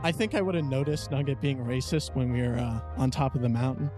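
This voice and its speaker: A man's voice: mid-range voice, fast, loud music behind the voice. Laid-back stammering man player. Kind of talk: casual chat.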